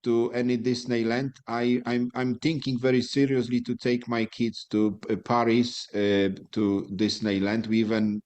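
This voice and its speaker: A man's voice: mid-range voice, flat delivery, measured pace, few pauses, a little mellow. Hesitant man with Ukrainian accent. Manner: hesitant, with many restarts. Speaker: meeting participant. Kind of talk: impromptu answer.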